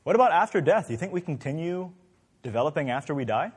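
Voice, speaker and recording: A man's voice: fairly high pitch, big pitch swings, fast talker, husky, in a large hall. A man leading an interactive Bible class, asking the group many questions in a conversational way. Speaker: Bible study teacher.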